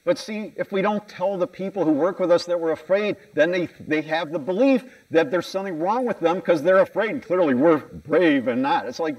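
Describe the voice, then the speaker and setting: A man's voice: on the high side, brisk, hardly any pauses, a little mellow, distant mic, rough recording. An American man giving a conference keynote talk, candid and self-mocking, asking the audience questions. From United States. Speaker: conference speaker. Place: conference hall stage.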